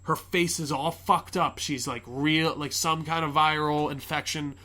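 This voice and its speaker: A man's voice: a little high, steady tone, measured pace, sharp tone. A man hosting a podcast, casually retelling a movie plot in a rambling way, full of fillers and swearing. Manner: rambling, many fillers and swearing, quotes characters. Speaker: podcast host.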